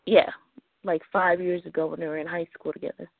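A woman hosting an internet radio show, giving calm, earnest advice in casual talk. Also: lowish voice, a little fast, creaky, no echo. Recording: tinny phone-like line, dry.

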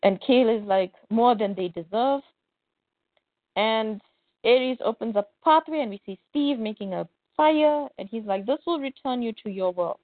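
With a slightly high voice at a moderate pace, this podcast co-host gives a casual, lively retelling of a comic, voicing the characters as she reads their lines. The recording has no room sound and comes across tinny and phone-like.

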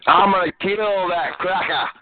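A man's voice: sits high, extremely slow, narrow, tinny audio, crowd noise. A man on a phone chat line, making menacing threats in a heated argument.

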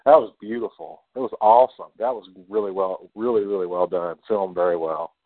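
A man's voice: lowish voice, steady tone, brisk, no room sound. A man co-hosting a podcast who talks about a movie in casual chat, stammering at times and eager to share behind-the-scenes trivia. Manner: stammering, enthusiastic, trivia-minded. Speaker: podcast co-host. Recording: tinny phone-like, dry sound.

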